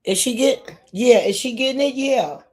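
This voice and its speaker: A woman from New York hosting a casual live stream, talking straight to her viewers in a lively way. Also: on the high side, moderate pace. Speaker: livestream host. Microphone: phone or computer mic.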